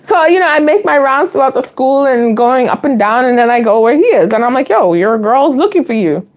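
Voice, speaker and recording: A woman's voice: sits high, fairly quick, dull audio. A woman in her late thirties telling stories in a casual live Q&A vlog, chatty and confiding, laughing often as she talks. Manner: chatty and confiding toward viewers. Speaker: vlogger host.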